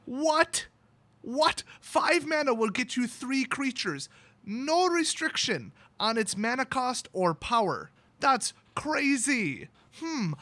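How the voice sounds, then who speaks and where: A man reviews cards in a playful, exaggerated put-on Irish accent. His voice sits high and sounds crisp and sharp. The recording is dry, with no room sound. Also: dry recording. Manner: joking, exaggerated mock accent. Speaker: channel host. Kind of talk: card spoiler review.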